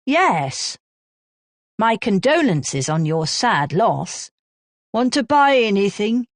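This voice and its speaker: A woman's voice: mid-range voice, big pitch swings, slow pace, no room sound. A woman voicing a curt, offhand young man working in a bakery. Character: young male shop assistant, curt and offhand.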